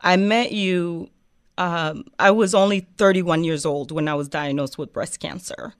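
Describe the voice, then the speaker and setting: A woman's voice: on the low side, steady tone, a little slow, clear, resonant tone, no echo, clean studio sound. A woman from Africa, hosting a heartfelt interview show, earnest and emotional with many fillers. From West Africa. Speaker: show host.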